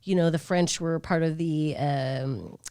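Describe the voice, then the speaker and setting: A woman, a guest comedian telling stories with lively, laughing energy in casual podcast chat. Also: sits low, measured pace, smooth. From Canada. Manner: animated, laughing storyteller.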